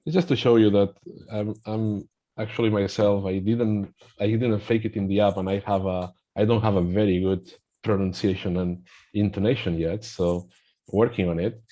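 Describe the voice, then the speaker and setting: A man with a Spanish accent, a native Spanish speaker, talks at the low end of his range with a mellow, dark tone. He walks through a pronunciation app in a webinar. His explanations are halting and full of restarts. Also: fairly even intonation. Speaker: guest presenting a pronunciation app.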